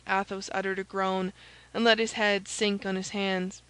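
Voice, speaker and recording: Woman audiobook narrator, steady, even delivery. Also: medium pitch, normal speed, smooth, dry recording, low-quality recording. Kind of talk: scripted narration.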